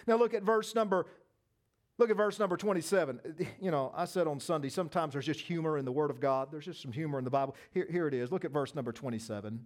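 Emphatic high-voiced preacher. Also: male voice, fast talker. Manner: emphatic, swinging from loud peaks to low asides, folksy humor. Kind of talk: sermon.

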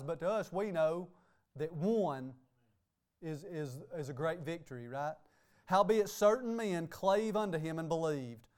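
In a church sanctuary, a pastor delivers an emphatic sermon, dropping "hey" and "okay" between phrases. His voice sits fairly high and has a darkish tone.

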